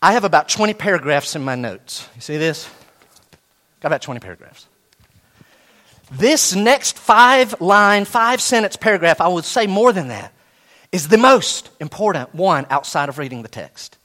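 A man preaching a sermon, animated, with sudden soft drops and slow, emphatic repetition of key phrases. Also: sits high. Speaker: pastor.

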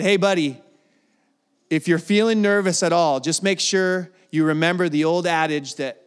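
A man's voice: sits high, a bit bright. A man in his forties giving an earnest personal testimony from a church stage, with emotional restarts as he speaks. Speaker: guest speaker at a church service. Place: large church hall. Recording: long hall reverb.

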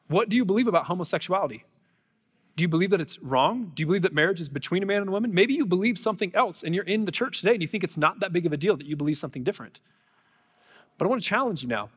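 A man's voice: on the high side, fairly bright tone, husky, in a large hall. A man preaching a sermon to a congregation, earnest and conversational, with storytelling asides. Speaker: pastor. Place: church sanctuary before a congregation.

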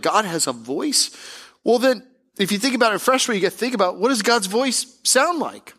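A man preaching a sermon as pastor at a church service, in an energetic, joking, conversational way. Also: a little high.

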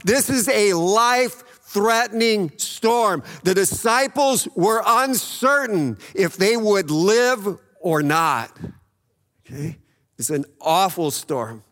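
A man's voice: high voice, expressive, takes it slowly, fairly bright tone, long reverb tail. A man preaching a sermon, retelling a Bible story in a conversational way, often checking in with "okay?" and acting out the voices in it. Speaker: pastor.

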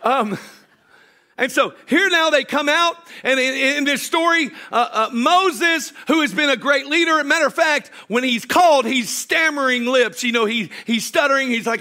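A man preaching a sermon, animated, swinging from shouted storytelling to hushed joking asides with his congregation. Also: extremely high pitch, normal speed. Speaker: pastor.

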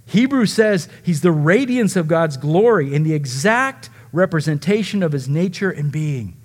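A male pastor preaching a sermon, animated and dramatizing the words of the figures he describes. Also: fairly high pitch, normal speed.

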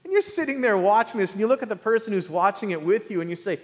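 A male pastor giving an animated sermon to a congregation, acting out quoted voices for humor. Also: sits high, fast. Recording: hall with long reverb.

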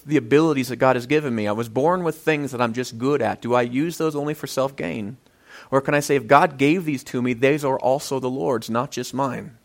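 A man preaching a sermon as a pastor, earnest, rising loud for emphasis and then dropping quiet. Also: fairly high pitch.

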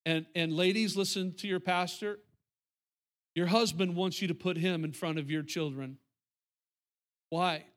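A man's voice: sits high, fairly even intonation, measured pace, long pauses, fairly bright tone. A middle-aged male pastor preaching a sermon, emphatic and repetitive, talking straight to the congregation.

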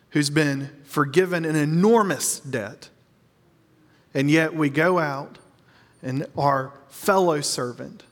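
Preacher with a slightly high voice, echoing hall. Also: male voice. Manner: earnest, slows down to stress key lines. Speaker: pastor. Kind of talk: sermon.

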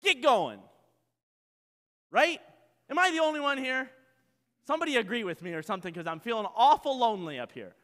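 A man preaching a sermon in an animated, conversational way, joking with his congregation. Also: very high voice, brisk, pauses often, big-room sound. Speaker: pastor.

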